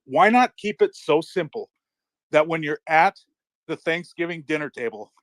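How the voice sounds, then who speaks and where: A middle-aged man chatting casually in a live audio room, telling excitable stories and swearing freely. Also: on the high side, moderate pace, no echo. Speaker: crypto community speaker.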